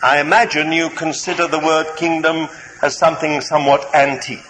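A man preaching a sermon, deliberate and halting, with many fillers and gentle humour, in a large hall. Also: fairly high pitch, level tone. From Britain. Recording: reverberant hall, faint background noise.

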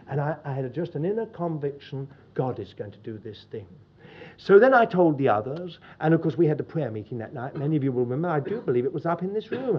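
Brief: older churchman, husky and fairly high voice, dull lo-fi recording, folksy storyteller. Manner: folksy, repeats "he said" often. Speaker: church speaker. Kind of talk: storytelling testimony to a congregation.

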